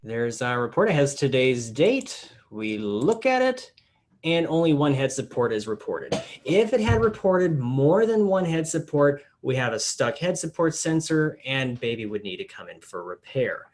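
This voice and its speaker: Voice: mid-range voice, big pitch swings, moderate pace, darkish tone, slight background noise. This is a product support trainer leading a hands-on demonstration, explaining each step in order. The delivery is plain and instructional, with casual filler words here and there.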